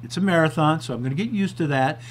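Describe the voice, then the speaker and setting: A man's voice: on the high side, fast, a little hiss or hum. A man hosting his own TV talk show, chatting casually and a bit self-deprecatingly, sometimes out of breath. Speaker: TV show host.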